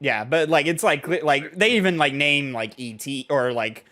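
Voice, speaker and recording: A young man co-hosting a casual chat show, retelling scenes in a lively way and acting out the quoted lines. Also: a little high, moderate pace. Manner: animated storytelling, acts out quoted lines. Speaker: podcast co-host.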